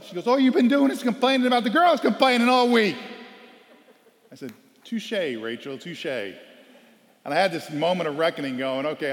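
A man giving a storytelling sermon as a guest speaker, animated and loudly acting out quoted lines. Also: medium pitch. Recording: long hall reverb.

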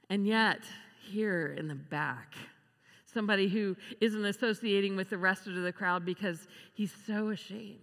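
Bright-voiced woman preaching in a hall. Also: medium pitch, moderate pace. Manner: expressive, acts out quoted voices with laughs. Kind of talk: sermon. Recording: long reverb of a large hall.

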